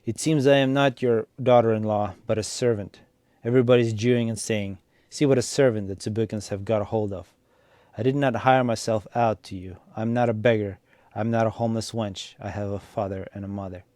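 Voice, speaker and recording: Brief: enraged young peasant woman in a read-aloud story, man voicing her, low-set voice, dry sound. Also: steady tone, brisk, no echo, lightly acted. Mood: furious, bitter. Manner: shouting, bitter. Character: furious young peasant daughter-in-law.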